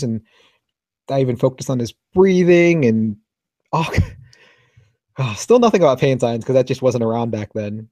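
A man, a physiotherapist, telling a patient story in casual conversation, halting and close to tears. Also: mid-range voice, warm tone, no room sound. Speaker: physiotherapist guest.

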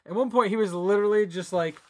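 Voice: medium pitch, fast talker, a little mellow. A podcast co-host reviewing a movie in casual banter, rambling and giggly, with lots of fillers.

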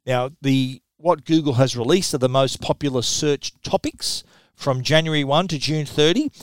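A man's voice: fairly high pitch, no echo. Chatty Australian man, dry close sound. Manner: quick, chatty, restarts phrases. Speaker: tech segment presenter. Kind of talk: casual tech news talk.

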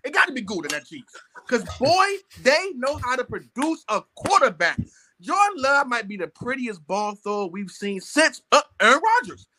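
Animated high-voiced man debating sports. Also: moderate pace. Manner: playful, animated, mock-emotional. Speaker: panelist.

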